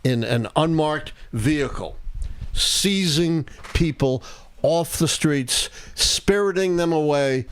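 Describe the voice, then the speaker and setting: An older man who hosts a live political talk stream, explaining history in a deliberate, measured way. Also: a little high, smooth. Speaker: historian and show host.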